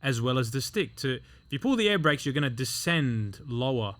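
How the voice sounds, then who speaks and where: Animated, swearing storyteller man, dry sound. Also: medium pitch, a little fast, no echo. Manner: animated, heavy swearing, fillers like "you know". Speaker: podcast guest. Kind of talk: casual storytelling in a podcast conversation.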